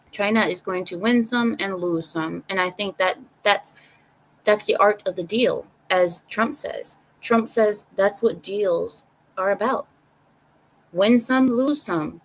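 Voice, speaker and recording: An animated woman talking her opinions through on a casual live stream. She speaks directly to her viewers and circles back on phrases to press her point. Her voice sits at an ordinary middle pitch. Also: a little hiss or hum, low-quality recording. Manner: animated, talks straight to chat, repeats herself for emphasis.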